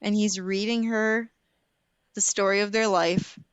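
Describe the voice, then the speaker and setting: A young woman co-hosting a podcast in casual chat, animated and laughing as she tells stories dramatically. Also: mid-range voice, unhurried, smooth, dry recording. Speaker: podcast co-host.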